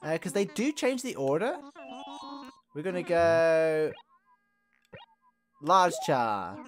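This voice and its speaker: A woman's voice: low voice, big pitch swings, slow, pauses often. A woman hosting a let's play, chatting casually and reading game dialogue aloud in playful, shifting voices. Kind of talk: casual gameplay commentary.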